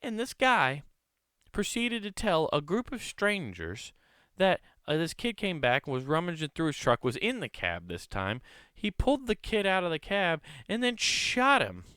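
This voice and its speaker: A man's voice: high voice, huge pitch swings, moderate pace, sharp tone, smooth, no echo, clean studio sound. A man hosting a comedy podcast, telling a rambling, profane, incredulous story in a casual monologue.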